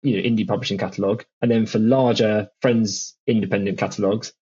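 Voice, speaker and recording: A man's voice: fairly low pitch, fairly even intonation, a little fast, darkish tone, slightly rough, dull audio. A man, a music publishing founder, telling stories in a chatty podcast interview with lots of restarts and fillers. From England.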